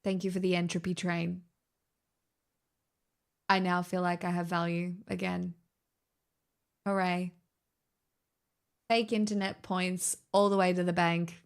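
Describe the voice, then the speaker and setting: Australian woman, livestreamer, creaky and gravelly, loose casual delivery with frequent swearing. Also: on the low side, level tone, measured pace, long pauses. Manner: chatty, rambling, swears freely. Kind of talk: casual streaming chat.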